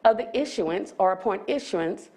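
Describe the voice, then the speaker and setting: A woman's voice: mid-range voice, animated, normal speed, a little mellow. A county staff woman presenting at a public board meeting, slightly out of breath, explaining ordinance rules and reading legal text aloud with small restarts.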